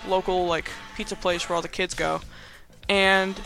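A young man rambles through a casual movie recap with a bright, high voice and plenty of fillers. His tone is playfully sarcastic, and faint music plays behind him. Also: level tone, moderate pace, vocal fry. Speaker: podcast host.

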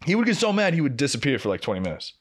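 Racing along in a husky, mid-range voice, a young podcast co-host casually tells a long work story. He's profane and animated, acting out both sides of the arguments he recounts.

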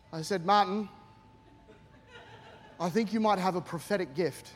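A middle-aged Australian man preaches a humorous sermon as a guest pastor before a live congregation in a church auditorium, animated and jokey, acting out the voices in his stories with lots of energy. His voice is high-pitched, his pace moderate with long pauses, and the large hall adds long reverb.

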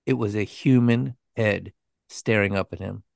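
A man's voice: fairly low pitch, a little slow, vocal fry, dry recording, clean studio sound. A man co-hosting a true-crime podcast, narrating the story and reacting in casual, swear-laced chat. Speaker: podcast co-host.

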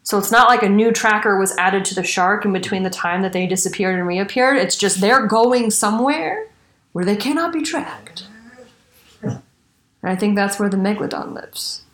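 A woman's voice: mid-range voice, moderate pace, fairly bright tone, reverberant. A woman hosting a casual true-crime podcast, chatty and swearing casually. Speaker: podcast host.

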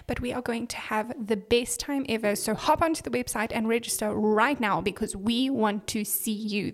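A young woman with a high, bright voice hosts a podcast for children. She talks in a bubbly, upbeat way and keeps calling out to her young listeners. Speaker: children's pastor. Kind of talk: kids' devotional podcast.

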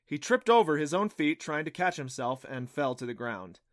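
A man reading a middle-grade adventure audiobook in an even storytelling manner. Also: on the high side, normal speed, no room sound, clean studio sound. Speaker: audiobook narrator. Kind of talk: scripted audiobook narration.

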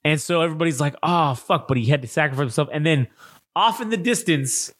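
A man's voice: fairly high pitch, quick pace, no room sound. Man recapping a film in a dry room. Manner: profane, animated plot recap acting out lines. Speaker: podcast co-host. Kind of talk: casual film review chat.

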